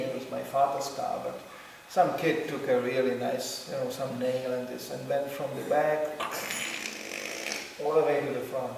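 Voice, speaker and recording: A man's voice: medium pitch, gravelly, darkish tone, far from the mic, slight background noise. Man speaking in an echoey hall. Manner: storytelling with laughs and acted quotes. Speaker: speaker giving a talk. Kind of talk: humorous spiritual talk.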